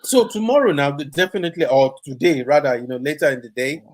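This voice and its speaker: A man co-hosting a casual commentary podcast, talking in an animated way. He laughs often and slips between English, Pidgin and Yoruba phrases as he chats. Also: a little high, quick pace. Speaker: podcast co-host.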